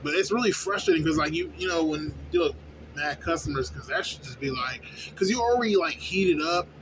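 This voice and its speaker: A young man who works at a fast-food place, venting in a casual, profane, rambling way and often asking "you know what I'm saying?". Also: on the high side, big pitch swings. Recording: noisy background with vehicle sounds.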